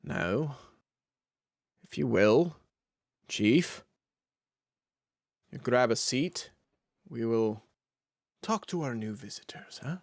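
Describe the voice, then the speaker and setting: A man's voice: medium pitch, expressive, slow, gravelly, pauses often, no echo, clean studio sound, heavily acted. Man doing Lord Thunderbrow, a drawling dwarf lord. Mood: wry. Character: gruff old dwarf lord on a carved throne.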